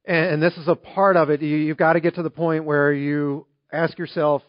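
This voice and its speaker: A man preaching a sermon as pastor, telling a story in a conversational, animated way. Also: fairly high pitch, moderate pace, no room sound. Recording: dry, slightly dull recording.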